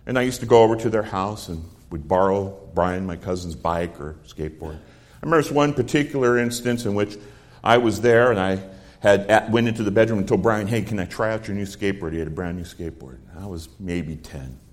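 Deep-voiced and animated, this middle-aged preacher talks a little fast as he works verse by verse through a psalm. His sermon leans on earnest personal stories told with quoted dialogue.

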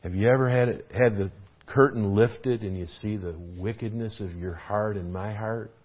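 A man's voice: on the low side, moderate pace, muffled recording. A man preaching a sermon as pastor, earnest and emphatic, repeating key phrases for weight, in a church hall.

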